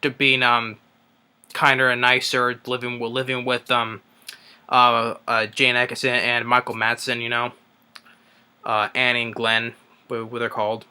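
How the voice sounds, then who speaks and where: A man's voice: medium pitch, monotone, unhurried, sharp tone, clean tone. A young man casually recapping a film's plot, rambling with lots of fillers and restarts. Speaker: movie reviewer. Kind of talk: casual spoken movie recap.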